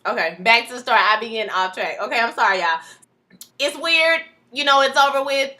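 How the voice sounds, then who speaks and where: Chatty, bright-voiced woman recapping a show. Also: fairly high pitch, brisk. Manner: chatty, animated, acts out the characters' lines. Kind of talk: casual recap chat.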